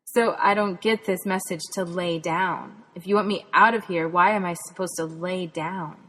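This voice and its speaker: A woman's voice: lowish voice, fairly even intonation, moderate pace, a bit bright. A woman from Texas, a podcast host and spirituality author, earnestly tells a personal faith testimony in a reflective way. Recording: long hall reverb.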